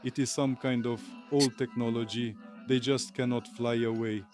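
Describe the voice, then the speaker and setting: A man telling memories in an interview, in a measured, plain way. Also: mid-range voice, steady tone, a little mellow, faint music behind.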